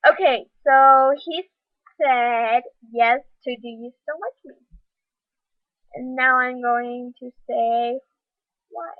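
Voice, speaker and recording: A woman's voice: sits high, slow, long pauses, dry recording, phone-quality sound. A teenage girl rambling through a school drama story in a casual vlog, full of "like" and "um". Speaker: vlogger.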